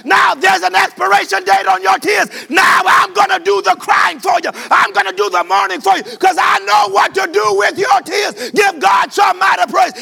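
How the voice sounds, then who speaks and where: A man preaching a sermon, shouting in a sing-song cadence. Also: extremely high pitch, gravelly. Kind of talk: whooping sermon.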